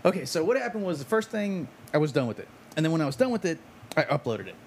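A man co-hosting a podcast, telling a story in an animated way and swearing a lot while chatting casually. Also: on the high side, fast, a little hiss or hum. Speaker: podcast co-host and self-published author. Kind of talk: casual chat.

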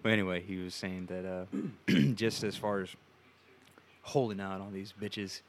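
A man's voice: sits low, level tone, a little slow, a little hiss or hum. A man co-hosting a casual podcast chat, rambling and crude, with many fillers and restarts.

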